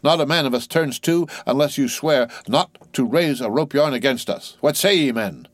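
A man reading aloud and voicing a defiant rough sailor who leads a mutiny, speaking in bold, challenging sailor talk. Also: mid-range voice, moderate pace, no room sound, voice pushed up, lightly acted.

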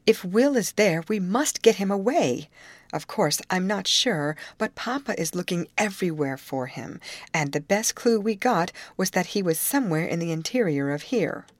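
A woman's voice: on the low side, lively intonation, normal speed, no echo, pitched above the performer's own voice. A woman reading aloud, voicing an anxious young woman who pleads earnestly for help. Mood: pleading.

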